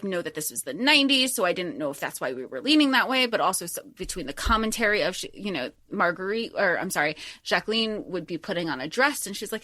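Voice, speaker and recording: A woman co-hosting a podcast in casual, animated chat, laughing often and swearing freely. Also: mid-range voice, dry recording, clean studio sound. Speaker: podcast co-host.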